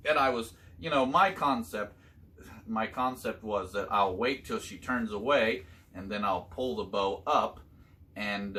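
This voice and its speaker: An older man telling his son hunting stories from years back, in a halting, casual way with many fillers. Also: lowish voice, bright, forceful tone, slight background noise. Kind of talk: casual storytelling chat.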